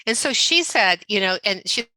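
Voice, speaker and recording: Chatty older woman, bright and dry. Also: mid-range voice, moderate pace, no echo, poor audio. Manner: chatty, animated, acts out quoted dialogue, many fillers. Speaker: guest author. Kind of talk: storytelling anecdote in a podcast interview.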